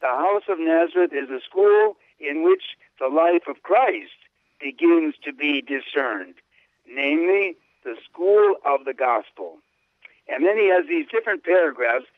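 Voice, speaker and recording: A man reading a text aloud slowly and explaining it in an unscripted talk, stressing key words and breaking into enthusiastic asides, often repeating and restarting words. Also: a little high, no room sound. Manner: slow, emphatic quoting, rising on key words, enthusiastic asides. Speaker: Latin scholar reading and explaining a papal text. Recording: dry, narrow phone-line sound.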